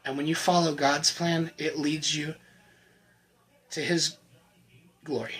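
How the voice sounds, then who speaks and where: A man giving an earnest, emotional personal faith testimony to the camera, often halting and repeating words. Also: a little high, little pitch movement, fairly bright tone, husky, low-quality recording. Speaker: channel host sharing his recovery testimony.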